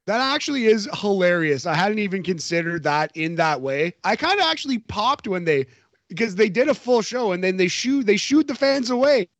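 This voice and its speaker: A man co-hosting a wrestling podcast, his voice sitting a little high. He chats casually, jokes and laughs often. The sound is dry and close to the mic. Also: a little fast, no echo. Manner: animated, jokey, laughs often. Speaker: podcast co-host. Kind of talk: casual wrestling recap chat.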